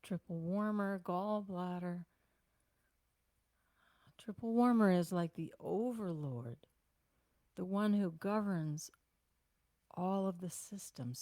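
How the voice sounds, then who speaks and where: An older woman leading a self-care class, giving gentle, unhurried instructions with sighs and breathing cues. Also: fairly low pitch, dry recording. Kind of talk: guided self-massage class.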